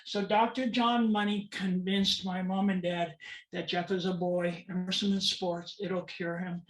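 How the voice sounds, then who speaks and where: A woman's voice: on the low side, level tone, a little slow. A woman in her fifties from California, telling her life story as a guest speaker in an earnest, dramatic way and repeating phrases for emphasis. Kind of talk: personal storytelling talk. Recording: roomy sound from a distant mic.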